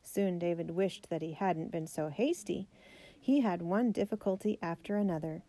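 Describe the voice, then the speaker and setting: A woman narrating a children's biography aloud, steady and gentle. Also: lowish voice, normal speed.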